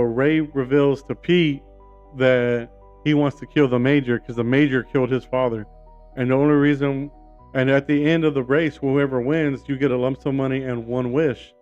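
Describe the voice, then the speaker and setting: A man's voice: mid-range voice, a little mellow, highs cut off. A man giving a casual, enthusiastic movie review, rambling with lots of "you know" and "like".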